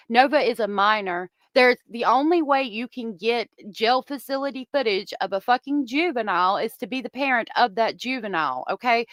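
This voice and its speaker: A woman's voice: a little high, a bit bright, no room sound. A woman hosting a heated commentary stream, ranting angrily and swearing at viewers into a close microphone. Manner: angry, profane, ranting at viewers. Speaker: commentary channel host. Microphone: close desk microphone.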